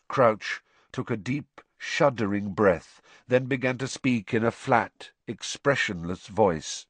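A man narrating an audiobook in a measured, low-key storytelling manner. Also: husky, no echo. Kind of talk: scripted narration.

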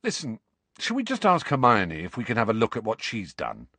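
A man voicing a grumpy, harried teenage boy in a storybook reading, curt and sulky, with a lively swing in pitch. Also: a little fast, husky, no room sound, heavily acted.

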